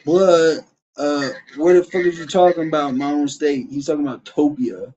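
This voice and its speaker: A man's voice: fairly high pitch, normal speed, dark tone, highs cut off. A man from Illinois on a livestream, arguing with his chat in a profane, confrontational, trash-talking way. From Champaign, Illinois, USA. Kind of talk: heated livestream argument.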